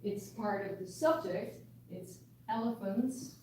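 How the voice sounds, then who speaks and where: A woman's voice: mid-range voice, slow, a little mellow, slight background noise. A woman giving a university linguistics lecture, explaining patiently with examples and frequent restarts. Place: lecture room. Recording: echoey room, mic far off.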